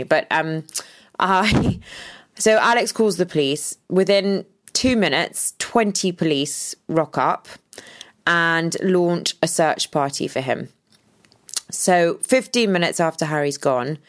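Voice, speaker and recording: Low-voiced Englishwoman telling a dramatic story. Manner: animated, dramatic retelling with restarts. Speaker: podcast co-host. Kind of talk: casual storytelling chat.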